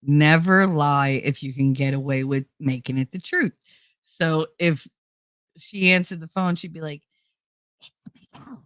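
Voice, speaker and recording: Speaking a little slowly, this middle-aged channel host has a low-pitched, slightly bright voice with no echo. She keeps up a loose, jokey chat with her audience and laughs frequently.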